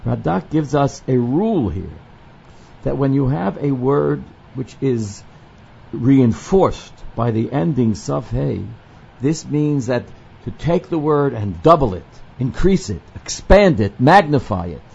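Male Torah teacher, gravelly and mellow, readings, explanatory lesson delivery, dull lo-fi recording. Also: mid-range voice, expressive, slow. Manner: explanatory, quotes the Hebrew text and then translates it. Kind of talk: verse-by-verse scripture lesson. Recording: dull lo-fi recording with faint noise.

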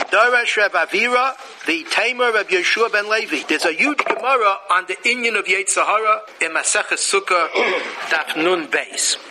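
Bright-voiced man giving a Torah lecture. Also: high-pitched, low-quality recording. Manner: Yiddish-laced, chanting Hebrew verses, jokey asides. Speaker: rabbi teaching Torah.

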